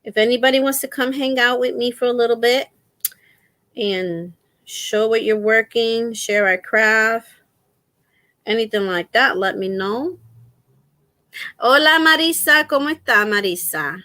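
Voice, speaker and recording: Slow, chatty woman livestream host. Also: fairly high pitch, fairly even intonation, fairly bright tone, no echo. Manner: rambling, faith-filled, chatty with viewers. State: in pain, resting a sore foot. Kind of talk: casual livestream chat.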